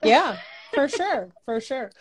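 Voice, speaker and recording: A woman's voice: sits high, sing-song, takes it slowly, slightly rough. Frank, chatty woman hosting a podcast. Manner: frank, swears freely, many restarts, acts out her own inner voice. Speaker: podcast host. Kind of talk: casual podcast conversation.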